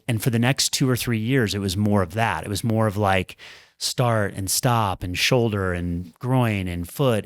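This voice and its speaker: Man, low voice, dry close sound, earnest reflective interview storytelling. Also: no echo. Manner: earnest, reflective, talks in quick bursts. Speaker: former pro tennis player, guest.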